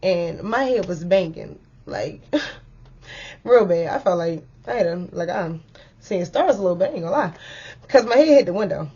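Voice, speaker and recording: A young woman chatting through a storytime vlog, animated and full of fillers, on a dull lo-fi recording. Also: fairly low pitch, moderate pace, husky. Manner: chatty and animated, filler-heavy, lively retelling.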